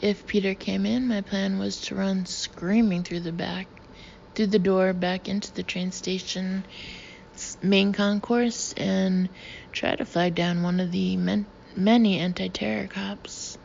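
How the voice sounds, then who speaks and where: A woman narrating an audiobook in a hushed manner that sometimes turns breathy and near-whispered. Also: mid-range voice, steady tone, measured pace, dull audio, slight background noise.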